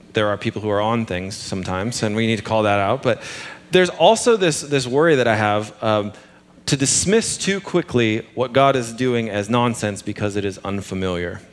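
A man preaching a sermon in a relaxed, conversational way, mixing humor with lively emphasis. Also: lowish voice, moderate pace.

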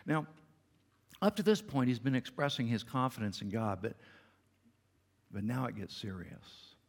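Middle-aged male pastor, sermon, gravelly husky voice, long church reverb. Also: mid-range voice, lively intonation, normal speed. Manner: earnest, conversational preaching with light humor. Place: church sanctuary.

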